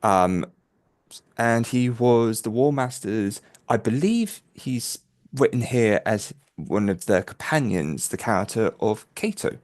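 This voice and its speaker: A man co-hosting a fan podcast, chatting casually and reacting with surprise. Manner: unhurried, lively pitch, easily surprised. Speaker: podcast co-host.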